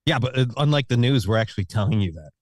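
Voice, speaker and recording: A man's voice: medium pitch, animated, fast talker, no echo, studio quality. A man co-hosting a comedy talk show, dropping laid-back, wry asides. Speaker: morning show co-host. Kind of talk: comedy chat.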